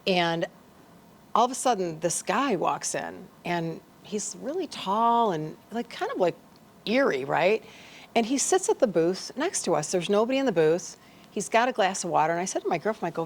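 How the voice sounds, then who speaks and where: A woman's voice: medium pitch, normal speed, slight background noise. A woman life coach, a podcast guest, telling a personal story in casual conversation and acting out the dialogue as she goes. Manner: animated, acts out dialogue in her stories.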